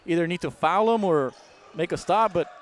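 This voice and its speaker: A man providing color commentary on a basketball game, relaxed and analytical with some filler words. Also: high-pitched, moderate pace, slight background noise.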